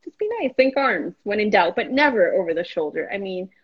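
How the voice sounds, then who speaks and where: Animated Miami woman, slightly husky. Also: medium pitch, a little fast, dull audio. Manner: animated, laughing often, acts out quotes. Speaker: guest photographer. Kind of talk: casual live interview.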